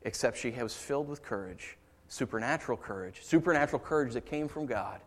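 A man preaching a sermon as pastor, moving between quiet storytelling and raised, impassioned passages. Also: medium pitch, lively intonation, brisk.

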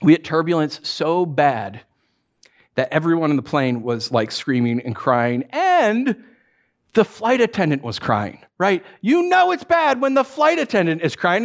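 Male pastor, middle-aged, lively sermon delivery, slightly higher voice, storytelling with restarts. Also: normal speed. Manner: animated storytelling with many restarts and acted asides.

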